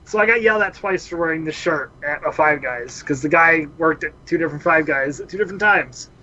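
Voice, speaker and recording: A man's voice: fairly high pitch, a little fast, few pauses, lo-fi sound. A man co-hosting a casual podcast, telling stories. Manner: animated storyteller, laughs often. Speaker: podcast co-host. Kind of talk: casual chat.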